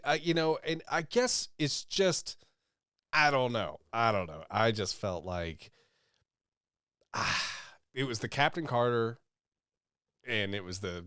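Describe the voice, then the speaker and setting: A man hosting a podcast in a casual, playful, jokey and energetic way. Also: on the low side, clear, resonant tone, dry recording, clean studio sound. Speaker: podcast host.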